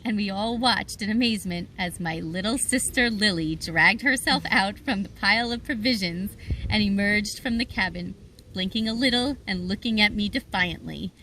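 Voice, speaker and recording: A woman reading a children's adventure novel aloud in first-person narration, lively and expressive. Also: medium pitch, moderate pace, a little hiss or hum. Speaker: audiobook reader.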